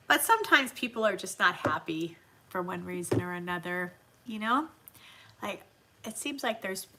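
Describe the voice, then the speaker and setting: A woman hosts a relaxed livestream, talking easily and answering comments from her viewers. Her voice is bright and forward, and she laughs often as she chats. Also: medium pitch. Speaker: livestream host. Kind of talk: casual livestream chat.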